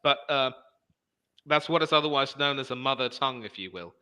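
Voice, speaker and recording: A man with a very bright, sharp-edged voice talks casually, pausing on fillers and restarting his sentences. He speaks at a middling pitch and works through his explanation bit by bit. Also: smooth. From English-speaking country. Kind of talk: casual chat.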